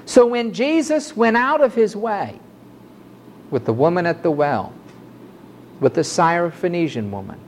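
A man preaching a fiery sermon to a congregation, swinging from loud outbursts to low, quiet asides. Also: slight background noise. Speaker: pastor.

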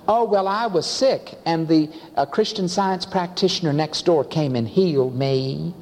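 A man's voice: a little high, normal speed, hardly any pauses, darkish tone. A man preaching a sermon, telling a story with acted-out dialogue and pressing rhetorical questions. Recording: long hall reverb.

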